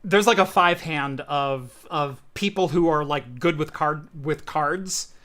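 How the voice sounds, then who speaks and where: A man's voice: a little high, slow, bright, forceful tone. A man co-hosting a podcast in casual chat, telling a long story in a rambling way and acting out the quoted voices. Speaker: podcast co-host.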